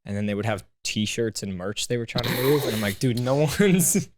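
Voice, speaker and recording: A man, a stand-up comedian guest on a podcast, telling stories in a casual, animated way with plenty of swearing, recorded in a podcast studio. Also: lowish voice, fairly quick, slight background noise. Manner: animated, swearing, acts out quoted voices.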